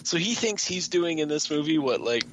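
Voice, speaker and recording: A man's voice: fairly high pitch, expressive, normal speed, dull audio. A man co-hosting a podcast, giving movie opinions in a wry, incredulous way. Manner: wry and incredulous, with frequent laughs. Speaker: podcast co-host. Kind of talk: casual movie review chat.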